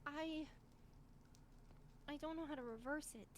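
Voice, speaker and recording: High-voiced anxious woman healer roleplaying. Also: a little slow, a little hiss or hum. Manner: anxious, apologetic, stammering. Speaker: roleplay streamer playing a healer. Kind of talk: improvised in-character roleplay.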